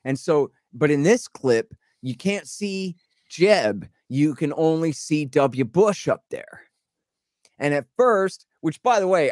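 A man's voice: on the high side, no room sound, clean studio sound. A man co-hosting a casual political podcast, rambling and sarcastic, acting out mocking quotes as he tells a story. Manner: rambling, sarcastic, animated retelling with mock quotes. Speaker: podcast co-host.

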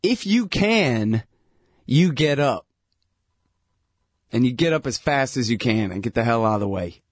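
A man's voice: expressive, unhurried, no room sound, studio quality. A man ranting in a casual, sarcastic way, laughing between points and mocking others in whiny voices. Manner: mocking, breaks into whiny falsetto impressions.

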